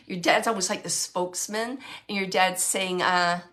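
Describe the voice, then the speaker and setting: A woman medium gives a spirit reading to a sitter in an earnest, emotional way. Her voice is bright and forceful, and she speaks slowly and deliberately. She laughs often and sometimes goes soft and hushed. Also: fairly low pitch, steady tone. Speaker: psychic medium.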